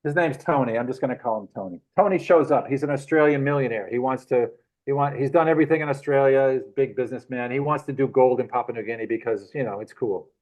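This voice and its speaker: A middle-aged man of middling pitch tells his stories in loose, rambling bursts. He chuckles often, restarts sentences and scatters fillers as he talks. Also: quick pace, rough recording. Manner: animated, chuckling, rambling anecdotes. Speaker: guest. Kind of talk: casual storytelling.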